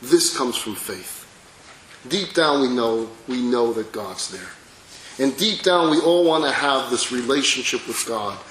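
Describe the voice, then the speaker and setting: A male rabbi lectures to an audience with lively, dramatic storytelling. His voice is bright and forward, and it rings in an echoey hall with faint background noise. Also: mid-range voice, measured pace. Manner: animated, dramatic storyteller, drops to soft intimate tones.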